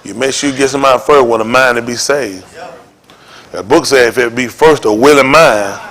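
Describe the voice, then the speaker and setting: A man preaching an informal sermon to his congregation in a folksy, joking way that rises to shouts. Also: medium pitch, a little fast. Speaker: congregation leader.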